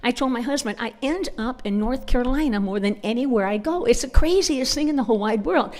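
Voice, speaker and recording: A woman with a northern US accent and a fairly high, darkish-toned voice speaks a little fast at a church conference. She shares personal stories in a chatty, informal style, often breaking into laughter.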